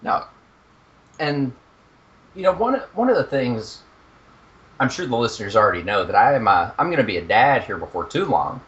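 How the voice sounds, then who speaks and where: A young man co-hosting a podcast in casual chat, animated and profane, laughing at his own jokes. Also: medium pitch, moderate pace, long pauses, dull audio. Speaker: podcast co-host.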